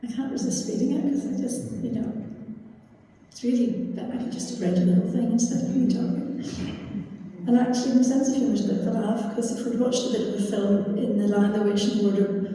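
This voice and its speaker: Woman, chatty church lecturer reading aloud, dark tone, distant echoey hall. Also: mid-range voice, steady tone, quick pace. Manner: chatty asides with many fillers. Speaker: guest speaker at a church. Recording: echoey church hall from far off, faint noise.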